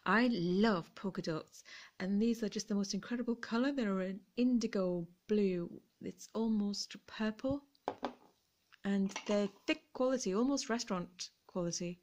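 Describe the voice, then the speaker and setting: A woman's voice: mid-range voice, unhurried, a little mellow, a little hiss or hum. A middle-aged woman chatting casually as she shows off her thrift haul, gushing over each find and apologizing for her pronunciation. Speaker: vlogger.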